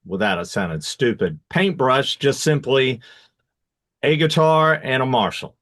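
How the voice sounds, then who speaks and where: A male guitarist speaking reflectively in a band interview, with a close, dry sound. He pauses and corrects himself as he works out what he wants to say. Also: medium pitch, lively intonation, fairly bright tone, no echo. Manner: reflective, halting, self-correcting. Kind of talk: casual interview chat.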